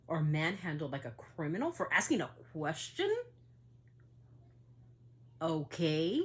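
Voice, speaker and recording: A woman's voice: lowish voice, fairly bright tone. Upset woman ranting on a podcast. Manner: heated, indignant, swears. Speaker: podcast host. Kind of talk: casual opinion monologue.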